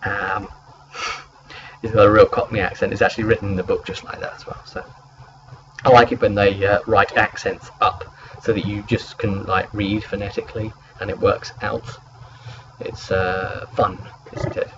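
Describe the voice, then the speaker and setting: A man's voice: lowish voice, level tone, moderate pace, muffled recording, background noise. A man recapping a tabletop game session as its game master, rambling along with plenty of hesitant fillers.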